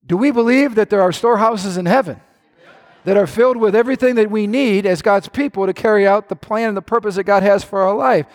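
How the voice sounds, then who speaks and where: A male pastor with a notably high voice, preaching with fervor that swells into shouts and then eases into joking asides. His words ring with the long reverb of a large hall. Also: a little fast. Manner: impassioned, rising to shouts, playful asides. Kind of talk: sermon.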